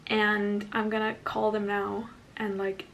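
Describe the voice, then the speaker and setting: A woman's voice: mid-range voice, monotone, unhurried, vocal fry, fairly bright tone, slight background noise. A young woman from Denmark, chatting upbeat to camera as a vlogger and saying "like" a lot. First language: Danish. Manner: chatty, upbeat, says "like" often. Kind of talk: casual talk to camera.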